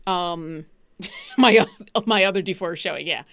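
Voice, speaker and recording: A woman's voice: fairly low pitch, unhurried, vocal fry, fairly bright tone. A woman chatting casually about acting in a tabletop show, rambling and restarting with lots of fillers. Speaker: actor and player on a tabletop show. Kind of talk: casual chat.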